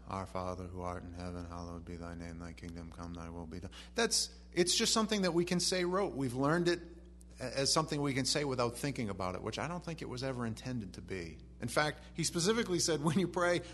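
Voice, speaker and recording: A man preaching a sermon. He reads scripture softly and then rises to animated emphasis. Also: on the high side, slightly rough.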